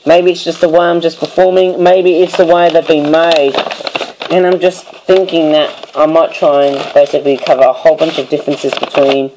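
A hoarse man in a casual, rambling vlog, chatting about and handling toy birds at home, tagging his thoughts with "I suppose". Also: fairly high pitch, level tone, moderate pace, noisy background. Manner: rambling, filler-heavy, keeps tagging "I suppose". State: hoarse, voice giving out. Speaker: toy review vlogger. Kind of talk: casual rambling product show-and-tell.

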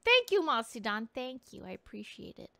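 A woman streaming a game and chatting casually with viewers, bubbly and quick to thank them, rambling along with lots of "like" in her speech. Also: on the high side, big pitch swings, vocal fry, pushed and bright, no room sound. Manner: rambling, filler-heavy speech full of "like". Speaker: VTuber streamer playing a game. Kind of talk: casual gameplay chat with viewers.

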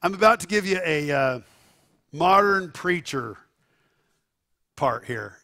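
A male pastor preaching a sermon, telling stories with lively asides to the congregation and sudden shouts. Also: high-pitched, slow pace, vocal fry. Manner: animated storytelling with asides to the congregation.

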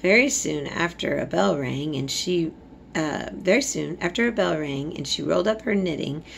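A woman reads a novel aloud in a low, gravelly voice. She stumbles over a word now and then and corrects herself. A faint hiss sits under the recording. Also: animated, moderate pace. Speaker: reader.

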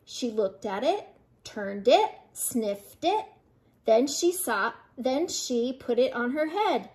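A woman's voice: fairly high pitch, lively intonation, slow, a little mellow. An older woman, a grandmother, reading a children's picture book aloud with playful voices for the animals.

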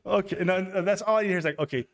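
An author on a podcast, this man talks very fast in a high-pitched voice, with a crowd audible behind him. He's a lively storyteller who stammers, restarts and performs the quoted dialogue in character voices.

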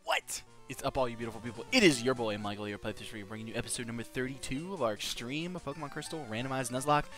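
A man's voice: medium pitch, fast talker, few pauses, fairly bright tone, soft background music. A young man hosting a let's play, giving casual gameplay commentary and breaking into giddy laughter and swearing.

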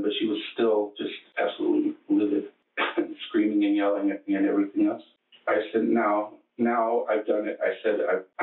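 In a police interrogation room, a murder suspect with a low, flat voice recounts events in a halting, matter-of-fact way, restarting often. The archive recording of his testimony is tinny, echoey and distant.

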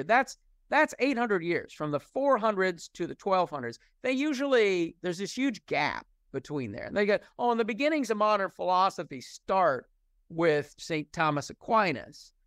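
A man's voice: fairly high pitch, fairly bright tone, clear, resonant tone, dry recording, studio quality. A middle-aged man from the United States, a professor answering interview questions in a discursive, candid way and often restarting his sentences.

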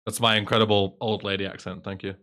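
A man's voice: on the low side, level tone, fast talker, sharp tone. A man with an English accent chatting casually on a live stream, sarcastic and swearing freely.

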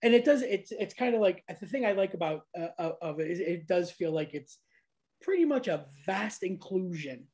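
A woman's voice: on the low side, animated, moderate pace, darkish tone, husky. A woman from upstate New York hosting a casual interview, chatty and full of fillers, laughing often. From Niagara Falls, New York, USA. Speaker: podcast host. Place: lives abroad, recorded at home with cats.

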